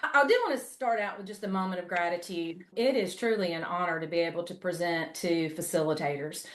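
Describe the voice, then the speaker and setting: A woman's voice: fairly low pitch, a little fast, a bit bright, echoey room. A woman in her forties from South Carolina with a Southern drawl, telling a personal story in a folksy, homespun way as a guest speaker. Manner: folksy, storytelling, says y'all. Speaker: guest speaker, ministry leader. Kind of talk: webinar talk with personal story.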